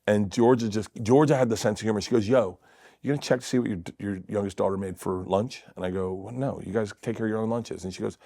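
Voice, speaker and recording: A middle-aged man, a comedian guest, telling animated family stories in casual chat and acting out quotes with cursing. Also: lowish voice, quick pace, vocal fry, no echo. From Florida.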